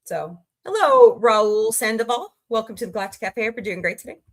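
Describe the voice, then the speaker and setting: A woman's voice: a little high, very animated, a little fast. A woman in her forties from Missouri hosting a casual livestream, chatting loosely, greeting viewers by name and reacting to the chat as she rambles from topic to topic. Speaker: livestream host.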